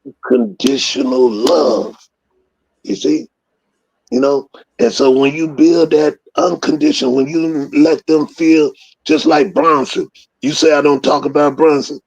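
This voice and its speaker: Gravelly man, profane storyteller. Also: on the high side, expressive, unhurried, rough recording. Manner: profane, rambling storyteller who acts out scenes loudly. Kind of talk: casual storytelling.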